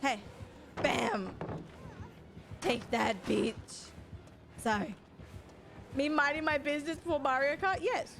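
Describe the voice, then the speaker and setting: A woman's voice: high-pitched, slow, creaky, pauses often, a bit bright. A young woman, chatting casually with her chat while gaming, rambling and swearing freely. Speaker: streamer.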